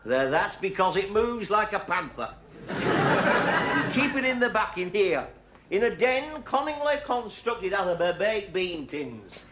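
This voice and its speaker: An actor playing a stingy, stammering middle-aged shopkeeper, talking in a dry, sly way. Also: male voice, high voice, heavily acted. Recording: hissy old sitcom clip.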